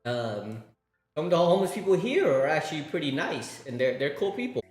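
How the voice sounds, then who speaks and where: A man's voice: on the high side, big pitch swings, a little fast. A man streaming and chatting casually, rambling, swearing and laughing as he tells stories. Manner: rambling, profane, laughing storyteller. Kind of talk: casual livestream chat. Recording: roomy room with faint music.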